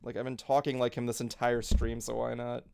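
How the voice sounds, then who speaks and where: A man's voice: medium pitch, flat delivery, fairly quick, vocal fry, darkish tone, smooth. A man hosting a casual nerdy talk stream, rambling with lots of fillers and jokes. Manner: rambling, filler-heavy, jokey. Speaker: talk show host.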